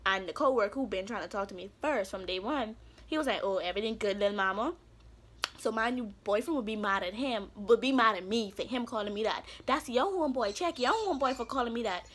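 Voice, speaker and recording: A young woman recounts a personal story in a casual vlog. She is animated and sassy, swears freely and talks back to a friend off camera. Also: on the high side, fast, a little hiss or hum. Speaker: YouTuber telling a story.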